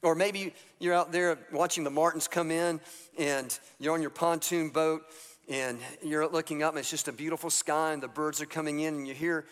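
A man's voice: a little high, steady tone, moderate pace. A man preaching a sermon as pastor, telling Bible stories in a casual way and acting out the characters' lines. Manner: storytelling, acts out biblical characters in a casual voice. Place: church sanctuary. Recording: church hall reverb.

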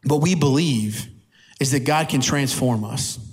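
A man preaching a sermon to a church audience, animated and emphatic, slowing down and speeding up for emphasis. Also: mid-range voice. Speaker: pastor.

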